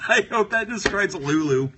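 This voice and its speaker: A man's voice: fairly high pitch, animated, normal speed, noisy background. A man hosting a casual live stream, drawing while he chats with viewers in a playful, giggly way. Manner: playful, giggly, talks to viewers and repeats catchphrases. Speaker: livestream host.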